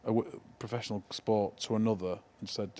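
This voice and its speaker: A man's voice: lowish voice, steady tone, brisk, warm tone. A man from the North of England co-hosting a podcast, asking curious follow-up questions. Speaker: podcast co-host. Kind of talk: casual podcast chat.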